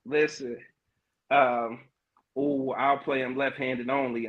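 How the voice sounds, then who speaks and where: A middle-aged man hosting a podcast livestream in casual chat, loose and hyped, with lots of slang, fillers and quick laughs. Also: mid-range voice, steady tone. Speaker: podcast host.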